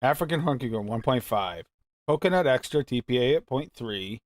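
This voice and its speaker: A man's voice: mid-range voice, expressive, brisk, dry recording. A man hosting a live mixing show, chatting casually and reading recipes aloud in a rambling, musing way. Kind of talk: casual live-stream chat.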